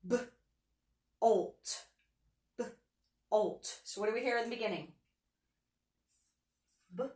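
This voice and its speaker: A woman's voice: medium pitch, a bit bright, reverberant, far from the mic. A woman teacher giving a patient phonics lesson, sounding out letters and words for young students.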